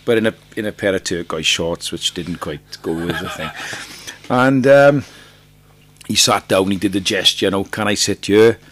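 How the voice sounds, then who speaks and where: A Welsh man, lead singer of a band, telling a lively anecdote as a podcast guest, laughing often and repeating himself. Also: low-pitched, normal speed, breathy edge. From Wales. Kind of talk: casual podcast chat, storytelling.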